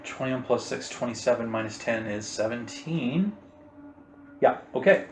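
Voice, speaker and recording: A man acts as game master for a tabletop session, calmly laying out rules and narrating what happens. His voice sits at an ordinary middle pitch. The recording has a roomy echo with faint background hiss. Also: moderate pace. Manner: steady, explains rules and narrates action. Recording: echoey room.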